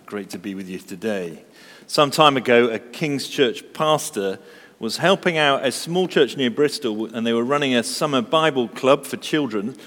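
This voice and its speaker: A man's voice: mid-range voice, animated, normal speed, a bit bright, long reverb tail. A man preaching a sermon, telling stories with humor and asking the congregation rhetorical questions.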